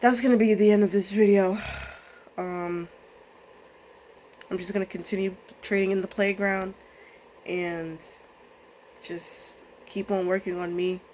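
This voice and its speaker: A woman's voice: medium pitch, fairly even intonation, a little slow, long pauses, darkish tone, slight background noise. A young woman vlogging about her trading day, emotional and rambling, swearing casually as she talks. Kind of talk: candid emotional vlog monologue.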